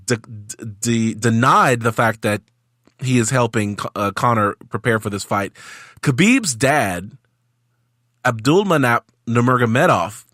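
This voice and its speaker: A man hosting a casual sports podcast, jokey and energetic, acting out quotes as he goes. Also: medium pitch, dry recording, studio quality. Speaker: podcast host.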